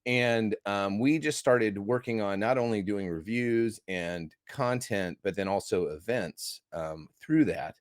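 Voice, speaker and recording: A man's voice: on the low side, a little slow, few pauses, no echo, studio quality. An American man, a movie critic, talking as a guest in a casual interview, enthusiastic and rambling with restarts. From United States.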